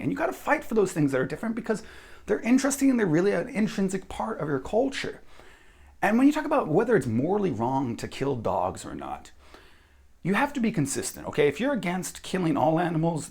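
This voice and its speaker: A man's voice: on the high side, vocal fry, darkish tone. An American man giving a blunt, profane opinion monologue as a vlogger. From United States.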